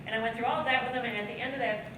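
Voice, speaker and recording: A woman in her fifties from the United States, slightly high in pitch, who talks and laughs through a seminar to a live crowd. She sounds set back from the mic in a roomy, echoing hall with audience noise behind her. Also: steady tone, rapid-fire, recorded from a distance. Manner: jokey and chatty, laughing at her own lines. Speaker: guest speaker and trainer.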